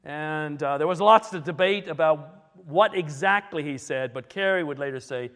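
A man's voice: a little high, moderate pace, few pauses, a bit bright, big-room sound. A man preaching a sermon, telling church history in a conversational, digressive way and correcting himself as he goes.

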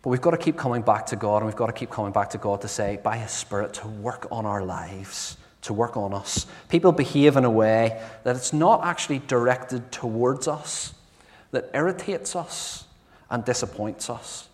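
A man's voice: mid-range voice, moderate pace. A man preaching a sermon in a conversational, earnest way in a church. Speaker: pastor. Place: church sanctuary. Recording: long reverb from a church hall.

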